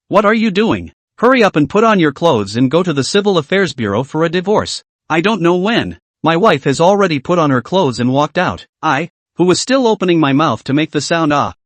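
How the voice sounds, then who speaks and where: A man reading a comic recap as a first-person story, in short steady phrases. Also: fairly high pitch, no echo. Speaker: recap narrator.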